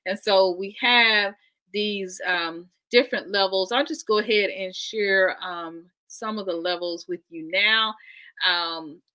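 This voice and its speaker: A woman's voice: medium pitch, slow pace, pushed and bright, clean tone. A woman from the United States hosting a live stream, chatting with viewers in a friendly way with many fillers. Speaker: channel host.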